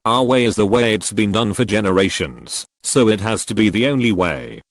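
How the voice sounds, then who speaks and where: A man narrating a series of online forum posts as scripted readings, in a lively, up-and-down delivery. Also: on the low side, normal speed, dry recording.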